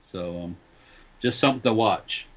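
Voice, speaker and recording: A man chatting as a podcast guest over a call, talking haltingly with many fillers and restarts. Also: fairly low pitch, over a noisy crowd. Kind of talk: casual chat over a call. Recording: dull lo-fi video call audio.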